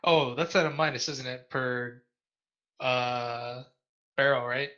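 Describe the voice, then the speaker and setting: A man's voice: medium pitch, takes it slowly, highs cut off. A man playing a tabletop game over voice chat, often apologizing for his mistakes. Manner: apologetic, self-deprecating, excitable. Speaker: player.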